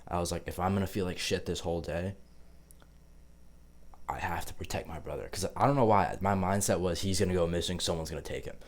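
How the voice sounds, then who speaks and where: Speaking briskly in a low voice, a young male vlogger tells a story to camera in a casual, rambling way, packed with swearing and fillers.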